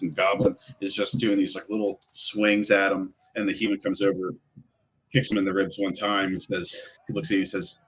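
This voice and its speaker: A man's voice: on the low side, fairly bright tone. A man narrating as game master in a loose, rambling way with many fillers.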